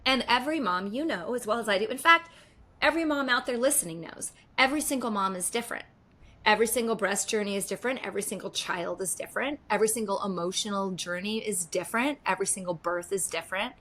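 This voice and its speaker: Woman, middle-aged, podcast guest, emphatic, repeats phrases, middle pitch, casual chat. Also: quick pace, bright, forceful tone. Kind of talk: casual conversational interview.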